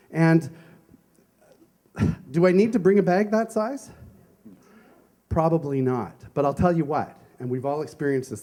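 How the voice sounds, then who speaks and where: With a mellow, mid-range voice, a minister gives his Sunday talk as a conversational sermon. He tells stories about himself and asks rhetorical questions.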